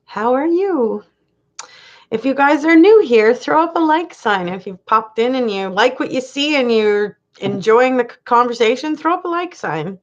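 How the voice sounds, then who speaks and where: Woman, livestream host, chatty, laughs a lot, lively high voice, dull lo-fi sound. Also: moderate pace. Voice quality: laughs often, chatty and animated. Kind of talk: casual live chat reading comments.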